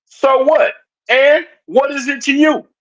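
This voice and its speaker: In dull lo-fi stream audio, a livestream commentator launches into a heated, confrontational rant, speaking directly to his chat and repeating his points. His voice is very high and fairly bright, with fairly even intonation, and he takes it slowly.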